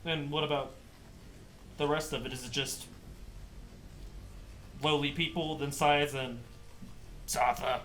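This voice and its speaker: A man's voice: fairly high pitch, steady tone, slow, pauses often, a bit bright, slight background noise. A man speaking casually and with a joking, hesitant manner while playing his character in a tabletop game. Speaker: player.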